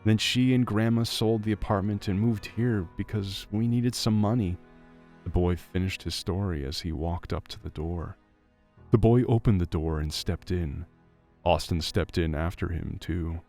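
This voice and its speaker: A man reading a dramatic story aloud as a scripted narration, in a gravelly voice. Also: sits low, darkish tone.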